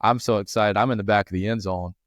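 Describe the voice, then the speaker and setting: A man co-hosting a coaching podcast, talking in a fairly low voice. He rambles through stories, circling back with restarts and fillers. The sound is dry and close, with no room around it. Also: steady tone, quick pace, no room sound. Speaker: football coach and podcast co-host. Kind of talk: casual podcast chat.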